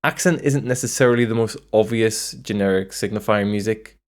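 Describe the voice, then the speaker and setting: A man's voice: on the low side, fairly quick. A man narrating a scripted music video essay, with wry, self-deprecating asides.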